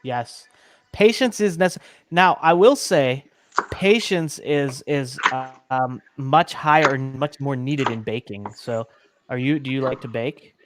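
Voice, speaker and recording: A man's voice: mid-range voice, a little slow, faint music behind. A man hosting a casual live-streamed cooking chat, upbeat and talkative, reading out viewers' comments as he goes. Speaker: host.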